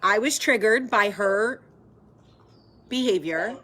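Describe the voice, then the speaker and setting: A woman's voice: mid-range voice, animated, slow pace, sharp tone. A woman from the hosting a casual live video chat with viewers, effusive and chatty. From American South. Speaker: host.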